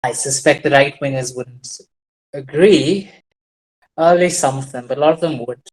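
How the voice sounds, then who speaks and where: A man's voice: fairly high pitch, moderate pace, low-quality recording. A man giving a rambling, digressive casual monologue while sharing his screen, with wry, self-deprecating asides and frequent restarts. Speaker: commentator on farming trends.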